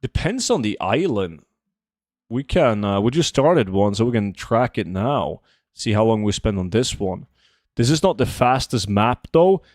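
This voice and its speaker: A man's voice: on the low side, measured pace, no room sound, clean studio sound. A man in his twenties chatting casually with his chat while playing a game on a livestream. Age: 20s. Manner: relaxed, answering chat while gaming. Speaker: streamer.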